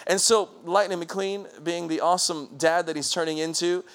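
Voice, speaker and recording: A pastor preaching an energetic sermon, often calling out questions to the congregation. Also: male voice, fairly high pitch, normal speed. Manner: frequent restarts.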